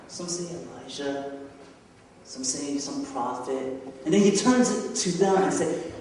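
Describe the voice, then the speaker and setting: Male pastor, conversational sermon, questions to the congregation, slow delivery, lively intonation, echoey church hall from far off. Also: on the high side, slight background noise. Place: church sanctuary.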